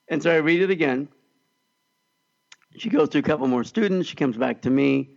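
A man co-hosting a podcast, telling a story in an animated, excitable way. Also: fairly high pitch, a little fast, gravelly, highs cut off. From California. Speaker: podcast co-host. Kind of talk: casual storytelling chat.

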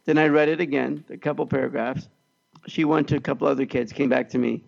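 A man co-hosting a podcast, telling a story in an animated, excitable way. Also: medium pitch, fast talker, gravelly, lo-fi sound. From California. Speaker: podcast co-host. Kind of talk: casual storytelling chat.

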